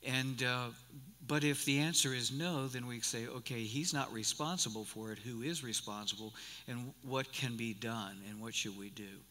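A man's voice: mid-range voice, moderate pace, sharp tone. A man in his sixties preaching a sermon as pastor, folksy and rambling, often restarting his sentences. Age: 60s. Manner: folksy and rambling, with many repeated starts. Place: church sanctuary. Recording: live church recording with long hall reverb.

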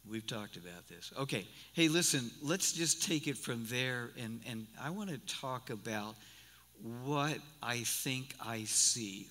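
Older pastor guy, 60s, folksy rambling sermon, bright tense voice, big hall echo, faint room hum. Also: mid-range voice. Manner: folksy and rambling, with many repeated starts. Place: church sanctuary. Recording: live church recording with long hall reverb.

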